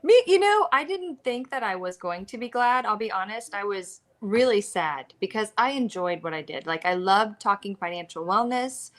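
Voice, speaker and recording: A woman in her thirties with an American accent, co-hosting a casual live chat and telling a story with lively acted-out quotes. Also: mid-range voice, moderate pace, hardly any pauses. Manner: animated storyteller, acts out quoted lines. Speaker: co-host of a reseller live chat.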